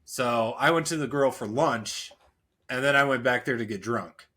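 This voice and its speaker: A man co-hosting a casual podcast, telling profane, animated stories and griping about bad weather. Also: mid-range voice, moderate pace. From central Illinois. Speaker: podcast co-host.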